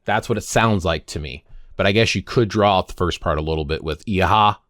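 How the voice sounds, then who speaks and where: A man's voice: deep voice, fast, fairly bright tone, no echo, clean studio sound. A man in his fifties talking casually to camera in a vlog, rambling and often stopping to correct himself. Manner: rambling, self-correcting, stumbles on words. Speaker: pagan vlogger.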